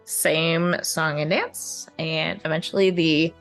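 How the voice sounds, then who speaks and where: A woman narrating a tabletop game as game master in a measured way. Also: low voice, steady tone, vocal fry, faint music behind. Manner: slow, measured narration with fillers.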